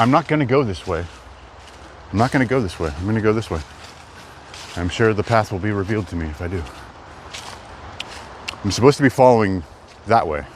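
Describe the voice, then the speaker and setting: A man rambles to his live-stream viewers while hiking a wooded trail. His voice sits fairly low. Faint outdoor noise and the odd passing car sound behind him. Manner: rambling, chatty, talks to chat. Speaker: livestreamer. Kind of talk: live-stream walking vlog. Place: outdoors in woods.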